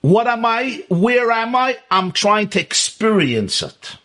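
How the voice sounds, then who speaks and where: A man's voice: high-pitched, big pitch swings, slow pace, a bit bright. A man giving an emphatic Hasidic lecture as a Torah teacher, asking rhetorical questions and repeating key words.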